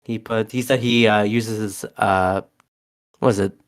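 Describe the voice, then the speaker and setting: A man co-hosting a podcast, recapping a film scene by scene in casual chat, halting often with fillers and restarts. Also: on the low side, steady tone, clear, resonant tone. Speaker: podcast co-host.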